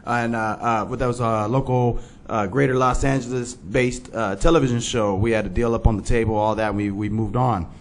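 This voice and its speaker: A man's voice: mid-range voice, fairly even intonation, brisk, hardly any pauses. A male host of a live web show talking casually and swearing freely, his voice stuffed up from a head cold with fever. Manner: laid-back, loose, swears freely.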